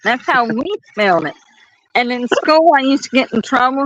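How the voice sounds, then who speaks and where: A woman's voice: on the high side, animated, fairly bright tone, no room sound, dull audio. A woman with a Southern accent from the North Carolina mountains, chatting and laughing while walking outdoors at night, talking into a phone. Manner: chatty and laughing, drawn-out stories. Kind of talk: casual chat.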